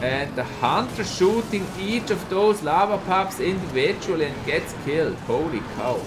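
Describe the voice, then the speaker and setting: A man's voice: fairly high pitch, normal speed, noisy background. A man with a Swiss German accent, casting a live mobile game tournament and chatting with viewers. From Switzerland. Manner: excitable, chatty, reads out chat and laughs. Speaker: esports caster and streamer.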